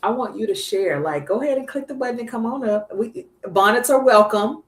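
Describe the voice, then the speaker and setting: A woman's voice: on the high side, animated, fast talker, roomy sound, heavy background noise. A woman hosting a women's gathering, giving an impassioned, preachy testimony that repeats lines for emphasis. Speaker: host of a women's online gathering. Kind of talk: spirit-led testimony to a group.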